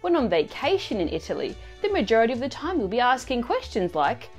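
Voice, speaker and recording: A woman narrating a scripted language lesson in a clear, expressive teaching manner. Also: on the high side, brisk, faint music behind. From Australia.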